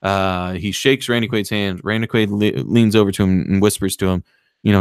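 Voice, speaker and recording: A man on a podcast excitedly retelling a movie plot, acting out the lines in raised voices and swearing freely. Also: lowish voice, moderate pace, clean tone, no echo, clean studio sound. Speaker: podcast co-host. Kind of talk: casual chat, retelling a movie.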